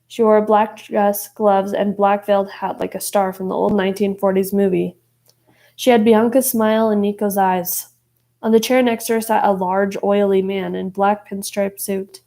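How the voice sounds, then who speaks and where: A woman's voice: medium pitch, dark tone, rough recording. A woman narrating an audiobook expressively, voicing each character. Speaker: audiobook reader.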